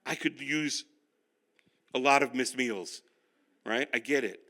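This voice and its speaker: An older male pastor teaching a finance class, telling animated, self-deprecating stories. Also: medium pitch, slow pace. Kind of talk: sermon-style finance class.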